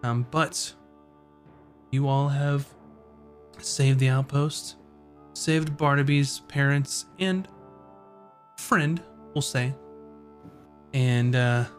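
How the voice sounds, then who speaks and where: A man running a tabletop game as game master, relaxed and filling pauses with ums. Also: mid-range voice, soft background music. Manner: relaxed, many ums and uhs.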